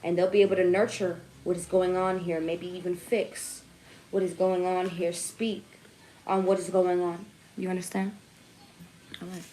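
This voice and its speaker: A woman's voice: lowish voice, flat delivery, moderate pace, mellow, slight background noise. A young woman giving a casual tarot reading to her viewers. She jokes, swears, laughs at herself and keeps checking in with "okay?" and "right?". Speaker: tarot reader.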